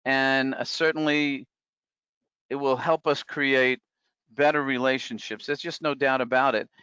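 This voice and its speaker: A man presenting a live webinar in a smooth, clear voice, talking conversationally with plenty of fillers and restarts. The sound is dry and a bit muffled, like a home computer mic. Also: medium pitch, fairly even intonation, unhurried, bright, forceful tone, no room sound. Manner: conversational, many fillers and restarts, reads out chat comments.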